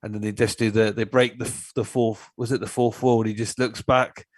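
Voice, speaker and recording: A man as a podcast guest, rambling through animated stories about old comedy films. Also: lowish voice, a little fast, no room sound. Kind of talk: casual chat.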